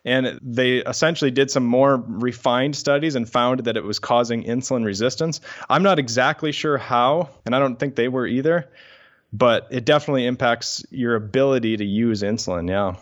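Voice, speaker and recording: A man's voice: mid-range voice, moderate pace. Man scientist explaining, lo-fi sound. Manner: explanatory, reads study titles aloud. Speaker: guest scientist. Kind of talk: podcast interview.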